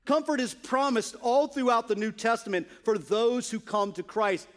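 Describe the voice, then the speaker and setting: Speaking at a normal speed in an extremely high-pitched voice, a male pastor delivers an earnest church sermon that moves between hushed asides and emphatic, stressed points.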